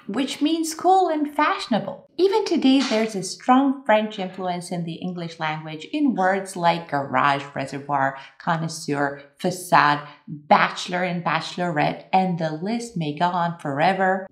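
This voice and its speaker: Lively, expressive woman teaching English. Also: reverberant. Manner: playful and expressive, swinging between bright highs and hushed asides. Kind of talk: explanatory vocabulary lesson.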